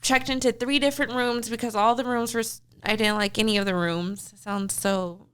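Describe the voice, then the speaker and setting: High, smooth-voiced young woman telling a story. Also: moderate pace, no room sound. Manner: animated, laughs often while telling a story. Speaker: podcast co-host. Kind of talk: casual chat, storytelling.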